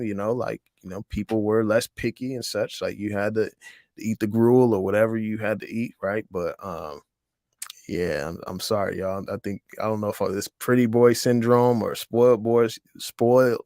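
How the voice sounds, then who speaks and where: A man's voice: on the low side, a little mellow, no room sound, clean studio sound. A man hosting an investing livestream, chatting casually with viewers in a rambling, slangy way with lots of fillers. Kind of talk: casual livestream chat reading viewer comments.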